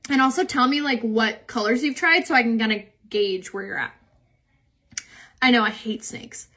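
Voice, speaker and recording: This is a young woman chatting on her own makeup live stream. Her voice sits a little high. She rambles from story to story, filling gaps with "like" and "um", and laughs easily as she reads viewer comments. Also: normal speed, fairly bright tone.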